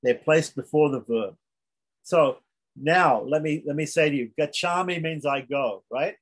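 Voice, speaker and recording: A man teaching a beginners' language lesson in a relaxed, reassuring way, often repeating himself and restarting phrases. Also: on the high side, a little slow, slightly rough, poor audio. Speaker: Sanskrit teacher. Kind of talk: informal online lesson.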